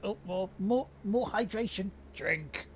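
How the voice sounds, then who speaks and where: A man's voice: sits high, slow, slight background noise. A man chatting and swearing casually while streaming a racing game. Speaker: gaming streamer. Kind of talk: casual gameplay commentary.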